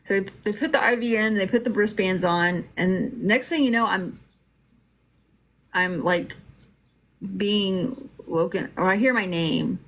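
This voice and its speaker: A woman's voice: mid-range voice, a little slow, fairly bright tone. A middle-aged woman telling her own story in a casual, rambling way, with lots of fillers and restarts.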